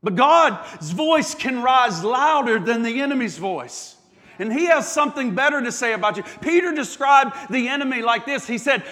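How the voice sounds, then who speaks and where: A man's voice: extremely high pitch, animated, normal speed, bright, forceful tone, long reverb tail. A man, a pastor preaching a sermon in a church, impassioned, stacking repeated phrases and stumbling through restarts.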